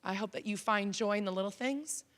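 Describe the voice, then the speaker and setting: A woman's voice: medium pitch, fairly quick, fairly bright tone. Canadian woman giving a talk, plain chatty voice, lots of ums, speaking to a college crowd. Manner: frank, conversational, many ums. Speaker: keynote speaker. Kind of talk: personal story talk to an audience. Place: college auditorium.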